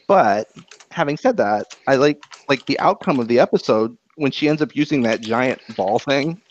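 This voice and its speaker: A man co-hosting a podcast, chatting casually about anime episodes in an animated, rambling way and swearing freely. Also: mid-range voice, moderate pace. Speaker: podcast co-host. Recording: dull lo-fi podcast audio.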